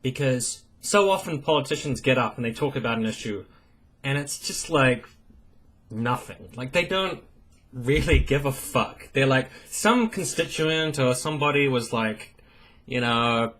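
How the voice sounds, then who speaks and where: A man's voice: medium pitch, a little slow, fairly bright tone. A man giving a heated, profane political rant, mocking politicians in sarcastic impressions. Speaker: political commentator.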